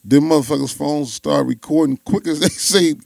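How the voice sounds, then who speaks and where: A man's voice: a little high, normal speed, creaky, a little mellow, no echo. A man with a Chicago accent, chatting casually and laughing as he tells stories in slang. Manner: laughing storyteller, slangy, repeats himself. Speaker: podcast host. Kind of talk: casual chat.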